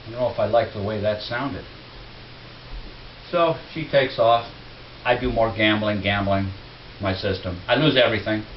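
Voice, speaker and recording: A man's voice: on the low side, moderate pace, long pauses, far from the mic. Man telling a stand-up story. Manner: conversational storytelling building to punchlines. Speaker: stand-up comedian. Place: comedy club stage. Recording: dull roomy club recording with faint hiss.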